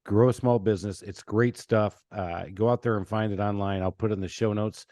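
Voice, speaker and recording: A deep-voiced man hosting a casual podcast chat. He tells animated stories, stumbling and restarting as he goes. His voice sounds dry and close. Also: brisk, no echo. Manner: animated storyteller, many restarts. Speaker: podcast host.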